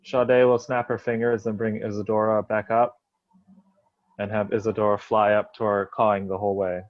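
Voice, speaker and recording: A man's voice: fairly low pitch, little pitch movement, moderate pace, highs cut off. A man playing a tabletop game, describing his character's actions hesitantly with uhs and ums. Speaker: player.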